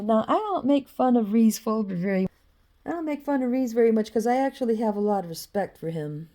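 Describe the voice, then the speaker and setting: A woman's voice: mid-range voice, lively intonation, fairly quick, dark tone. A woman talking casually about her drawings in a loose, rambling way, swearing freely and dropping in "you know" often. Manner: loose and profane, with frequent "you know" and laughs. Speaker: vlogger showing her drawings.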